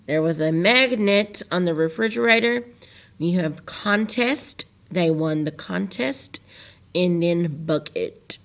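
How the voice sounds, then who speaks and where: A woman teacher giving a recorded virtual phonics lesson, patient and repetitive, slowly drawing out words for her students. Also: fairly low pitch. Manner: patient, repeats key phrases and stretches words out for students.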